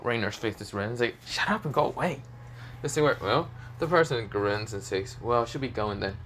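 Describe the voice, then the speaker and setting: A man's voice: mid-range voice, a bit bright. Rambling man improvising a fan story. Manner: rambling, filler-heavy, hesitant.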